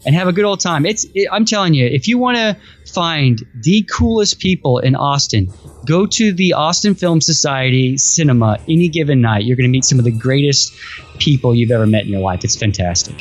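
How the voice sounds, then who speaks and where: A man's voice: on the high side, lively intonation, fairly quick. A man co-hosting a podcast in casual chat, enthusiastic and rambling, often restarting his sentences. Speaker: podcast co-host.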